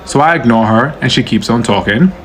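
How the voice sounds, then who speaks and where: A man from the United States recounts a story to camera in a mid-pitched voice. His telling is brisk and plain, with faint noise behind him. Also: expressive.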